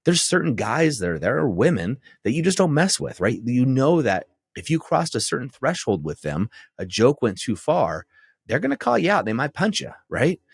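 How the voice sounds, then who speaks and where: A man's voice: medium pitch, very animated, moderate pace, creaky, slightly rough, dry recording. A man hosting a podcast, giving direct, firm coaching advice to men in a monologue and often checking in with "right?". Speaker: podcast host and men's relationship coach.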